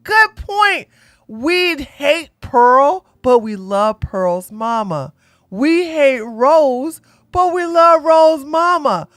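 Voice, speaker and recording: A woman doing blunt, sassy reaction commentary, ranting loudly and laughing between clips. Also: high-pitched, expressive, very slow, no echo, clean studio sound. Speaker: commentary streamer.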